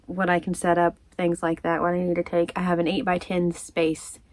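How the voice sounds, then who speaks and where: A woman's voice: fairly low pitch, monotone, moderate pace. A woman chatting casually to her viewers, rambling and laughing often as she tells her story. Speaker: crochet vlogger. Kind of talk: casual chat.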